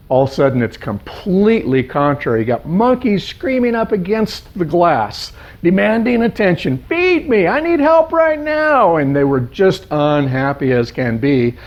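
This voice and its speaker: A male life coach telling a parable in an animated storytelling manner, piling up lists of words. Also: medium pitch. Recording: dull lo-fi sound.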